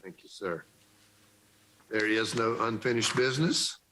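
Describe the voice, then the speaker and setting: A man serving as mayor, chairing a council meeting in a brisk, procedural way. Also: fairly low pitch, bright, forceful tone, a little hiss or hum, poor audio. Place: city council chamber.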